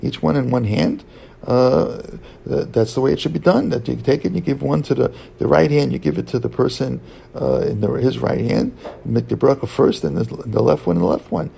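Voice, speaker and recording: A man teaching a Talmud lesson in a halting way, restarting his sentences often and mixing English with Hebrew and Aramaic terms. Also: mid-range voice, creaky, mellow, breathy edge, low-quality recording. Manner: halting, with many restarts and fillers. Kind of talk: Talmud study lecture.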